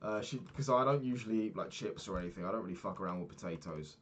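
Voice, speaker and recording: A man's voice: low-pitched, quick pace. A young man telling a personal story in a casual, candid way, swearing freely and acting out the people he quotes. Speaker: podcast host.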